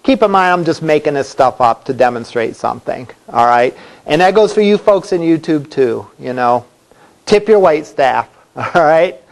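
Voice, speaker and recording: A man teaches a college class, talking through the material in a loose, conversational way. His voice is a touch higher than most and moves around a lot. He keeps stopping to ask the room questions. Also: expressive, normal speed, creaky. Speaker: college instructor. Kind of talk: classroom lecture.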